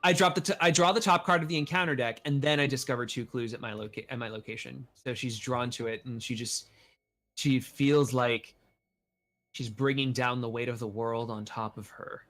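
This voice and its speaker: A man with a middle-pitched voice plays a card game in character. He drifts between describing his character's moods and working out moves aloud. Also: steady tone, moderate pace, fairly bright tone. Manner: thinks aloud, switching between story and game rules. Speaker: host player. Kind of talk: roleplaying and narrating a card game.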